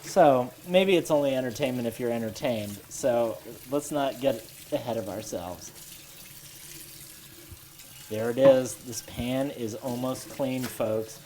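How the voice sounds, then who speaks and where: Very low-voiced woman, wry and rambling. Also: a little hiss or hum. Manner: wry, self-deprecating, deadpan asides; nervous, halting restarts. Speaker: cooking show host. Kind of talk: rambling casual monologue while cooking. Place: home kitchen. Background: running water and sizzling pan.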